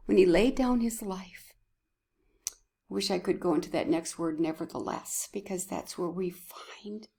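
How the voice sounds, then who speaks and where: A woman's voice: medium pitch, gravelly, a little mellow. A woman giving a heartfelt devotional talk at church, emotional and often dropping to a whisper. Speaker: church speaker.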